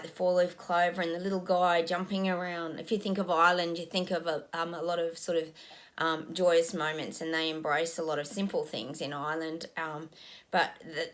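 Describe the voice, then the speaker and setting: A woman's voice: low-pitched, fairly bright tone. A woman giving a casual psychic reading, musing aloud with frequent ums as she describes what she is being shown.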